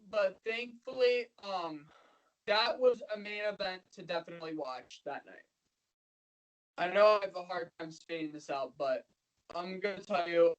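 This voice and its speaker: A man's voice: high-pitched, fairly bright tone, poor audio. Male podcast co-host, casual chat, rambling and repetitive, openly emotional.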